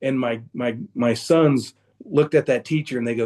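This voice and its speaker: A man's voice: mid-range voice, normal speed, darkish tone. A man telling a personal story as a guest in a casual, rambling way, with many restarts, over a video call. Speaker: guest speaker.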